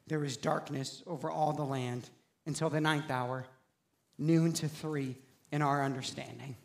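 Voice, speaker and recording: Guy preaching, high gravelly voice, goes from hushed to shouting, big echoey church. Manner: builds from quiet storytelling to loud shouted preaching. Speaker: pastor. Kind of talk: sermon.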